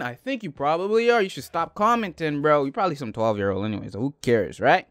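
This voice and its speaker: Guy reading mean comments, sarcastic and deadpan, voice bounces a lot, dry sound. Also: a little high, brisk, hardly any pauses, no echo. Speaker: YouTuber.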